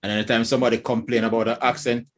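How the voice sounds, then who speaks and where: A man's voice: mid-range voice, little pitch movement, racing. A Jamaican man co-hosting a casual panel chat, talking with emphatic conviction. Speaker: co-host.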